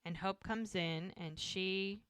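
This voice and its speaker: A woman's voice: slow, smooth, no echo, studio quality. A middle-aged woman co-hosting a podcast, recapping a show in casual chat and acting out the characters' lines. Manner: animated retelling, acting out lines with swooping pitch. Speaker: podcast co-host.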